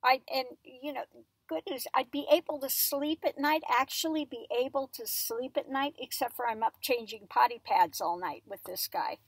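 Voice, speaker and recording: A woman tarot reader rambles casually at home and coos to her dog in between. Her voice sits a bit high and has a gravelly edge. The sound is dry and close. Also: normal speed, no echo. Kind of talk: casual chat.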